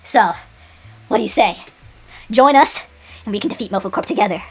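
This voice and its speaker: A woman's voice: medium pitch, lively intonation, fairly quick, breathy edge, soft background music. A woman voicing a cocky young male fighter who talks in a smug, persuasive way.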